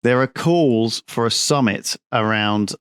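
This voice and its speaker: A man reading odd news stories aloud on a podcast, full of "uh"s and restarts. His voice is mid-pitched and recorded close and dry, with no room sound. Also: a bit bright, clear, resonant tone, no echo. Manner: reads news items haltingly with fillers. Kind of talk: casual podcast banter.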